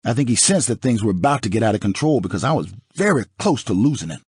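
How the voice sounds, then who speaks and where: Audiobook narrator, male, low husky voice, lively dramatic delivery, dry studio sound. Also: fast talker, dry recording. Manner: dramatic, expressive reading. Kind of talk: first-person audiobook narration.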